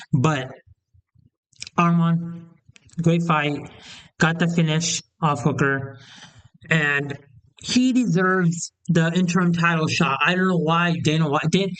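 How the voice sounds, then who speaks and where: Opinionated young man ranting, smooth voice. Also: fairly high pitch, poor audio. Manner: opinionated, heated, rambling with restarts. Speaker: MMA commentator. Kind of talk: casual opinion rant to camera.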